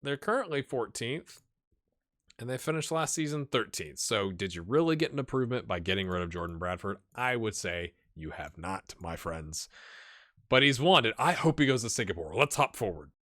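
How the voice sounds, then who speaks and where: A man's voice: fairly low pitch, expressive, moderate pace, sharp tone, dry recording, clean studio sound. Chatty man commenting on a game. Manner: chatty, thinking aloud, asks rhetorical questions. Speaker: gaming channel host.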